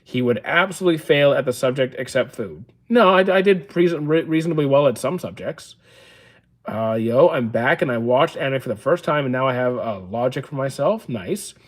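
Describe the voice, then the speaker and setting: A livestream host in his thirties reads chat aloud and replies with calm, dry, matter-of-fact answers, often saying "uh." He speaks at a normal pace and a medium pitch.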